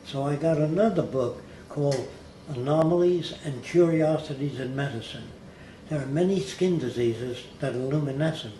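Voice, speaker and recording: A man's voice: a little high, normal speed, warm tone. An older man telling stories from his life in a blunt, conversational way, sometimes mimicking how others talk. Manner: blunt, mimics accents in quoted voices. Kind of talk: conversational storytelling. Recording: roomy with faint background hiss.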